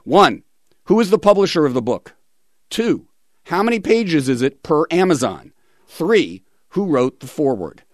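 A man's voice: fairly high pitch, sing-song, normal speed, no echo, clean studio sound. Chatty middle-aged male radio host. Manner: rambling, chatty, many "uh" fillers. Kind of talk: casual radio talk.

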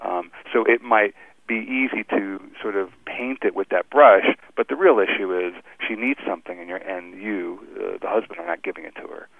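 Male guest coach, low-pitched, measured and earnest with dry wit, heard over a thin phone line. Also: creaky, no room sound. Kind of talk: casual radio interview.

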